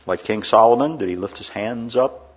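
A man preaching a sermon in a church, rising loud in the story and dropping quiet for asides. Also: medium pitch, normal speed, lo-fi sound, a little hiss or hum. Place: indoor air-conditioned church.

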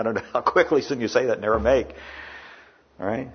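A man preaching a sermon in a church, rising loud in the story and dropping quiet for asides. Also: medium pitch, fairly quick, dull audio, slight background noise. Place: indoor air-conditioned church.

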